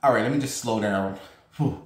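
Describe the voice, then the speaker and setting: A man chatting casually to his viewers, rambling fast and excitedly with blunt, profane humor. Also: lowish voice, roomy sound. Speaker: vlogger.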